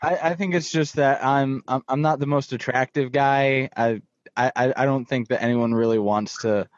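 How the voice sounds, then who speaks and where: A man from New Jersey trades casual podcast banter, hesitant and self-deprecating, often tripping over his opening words. His voice sits at an ordinary pitch, and the recording is muffled and dry. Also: fairly even intonation, normal speed, dry recording. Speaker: podcast co-host.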